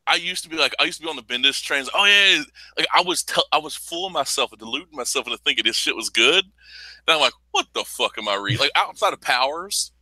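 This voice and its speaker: A man with a strikingly bright, sharp tone talks comics in a loose, rambling way, swearing freely and breaking into laughter. The sound is dry and close, with no room around him. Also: a little high, fast, no echo, rough recording. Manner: profane, rambling, animated with laughing outbursts. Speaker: podcast co-host. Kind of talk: casual comics chat.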